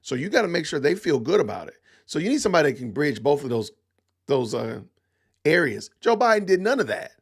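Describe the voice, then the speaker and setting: Podcast host, man, middle-aged, gravelly and animated, emphatic rhetorical commentary. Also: fairly high pitch, brisk. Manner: emphatic, rhetorical questions, repeats himself. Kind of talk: opinionated livestream commentary.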